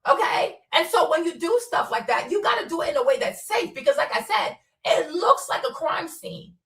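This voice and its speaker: A woman's voice: very high voice, very animated, a little fast, a bit bright, roomy sound, recorded from a distance. A woman hosting a casual commentary stream, blunt and profane, laughing often as she rants. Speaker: commentary host.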